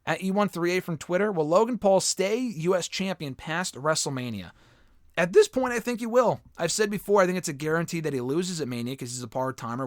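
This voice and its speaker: A man's voice: fairly high pitch, a bit bright, no room sound, clean studio sound. A man hosting a solo fan-question show, talking in a casual, opinionated, rambling way with restarts and the odd swear. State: losing his voice. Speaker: host answering fan questions. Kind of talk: casual solo mailbag talk.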